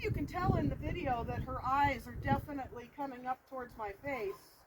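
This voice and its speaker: A woman's voice: a little fast, few pauses. A woman dog trainer explaining each step plainly, outdoors near a road. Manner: explains steps plainly, praises the dog in a high sing-song voice. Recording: loud background noise.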